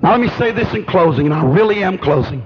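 High-voiced preacher man, emphatic. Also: expressive, fast, crowd noise. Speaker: pastor. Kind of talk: sermon. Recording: dull lo-fi recording.

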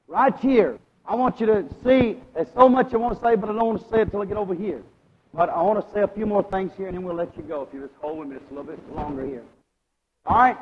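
A man preaching a sermon, questioning his congregation and asking them to agree, his loudness swinging between strong and hushed. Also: high voice, fast, a little hiss or hum. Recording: lo-fi recording with a long hall echo.

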